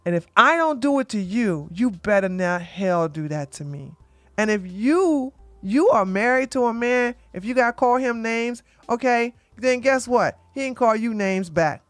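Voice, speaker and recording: A woman hosting an opinionated commentary show, talking bluntly and emphatically, often tagging points with "okay?" and getting loud when she acts out arguments. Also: on the high side, unhurried, dry recording, faint music behind. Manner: gets loud and animated when acting out arguments. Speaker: commentary channel host.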